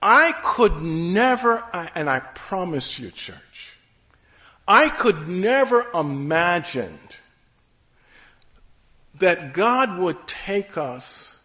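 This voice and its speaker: Slow, high-voiced male preacher. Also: big pitch swings, sharp tone. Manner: slow, emphatic preaching with rising calls to the congregation. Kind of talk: sermon. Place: church.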